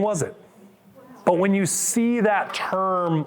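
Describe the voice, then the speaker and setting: A man's voice: high voice, slow pace. A middle-aged man, a physical therapist, coaching a live group through exercises with upbeat cues and counts.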